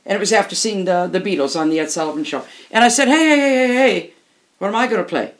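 A woman's voice: fairly low pitch, expressive, very fast. An older woman, a musician and interview guest, telling candid stories in an emphatic way and often repeating phrases for emphasis.

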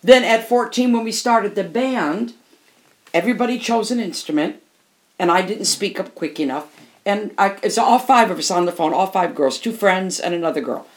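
A woman's voice: mid-range voice, animated, moderate pace. An older woman, a musician and interview guest, telling candid stories in an emphatic way and often repeating phrases for emphasis.

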